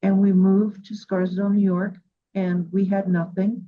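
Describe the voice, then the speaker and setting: A Cuban woman hosting a radio interview tells heartfelt stories in a casual, earnest way. Her mid-range voice is a little slow and barely moves in pitch, captured on a dull lo-fi recording.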